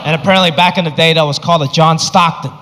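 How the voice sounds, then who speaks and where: Male stand-up comic, high-pitched, punchy anecdotal delivery, reverberant noisy venue. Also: steady tone, fast talker. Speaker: stand-up comedian. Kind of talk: stand-up comedy storytelling. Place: comedy stage. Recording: reverberant venue with background noise.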